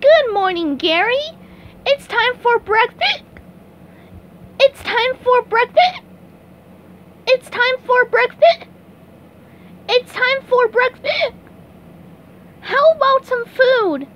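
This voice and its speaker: A woman voicing a cheerful, boyish male sea sponge in a fan comic dub, with an excitable, sing-song way of talking. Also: very high-pitched, slow, long pauses, lo-fi sound, slight background noise, heavily acted.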